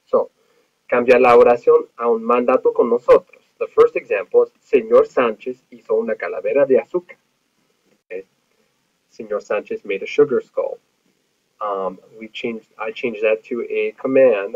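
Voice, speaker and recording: A man's voice: on the low side, breathy edge. A man teaching Spanish grammar in a recorded lecture, explaining patiently with many fillers. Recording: tinny phone-like audio.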